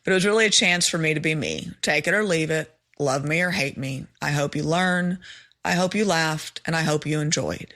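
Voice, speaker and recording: A woman's voice: sits low, normal speed, a bit bright. A middle-aged woman hosting her own podcast, talking candidly and unscripted in a chatty, self-deprecating way. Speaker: podcast host. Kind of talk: unscripted solo podcast monologue.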